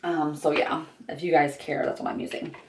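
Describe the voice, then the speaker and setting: A woman's voice: deep voice, flat delivery, normal speed, far from the mic, a little hiss or hum. A young woman talking candidly to the camera in a vlog while doing her makeup, with lots of fillers and restarts. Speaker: vlogger. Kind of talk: get-ready-with-me vlog. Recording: echoey room, voice a bit off-mic.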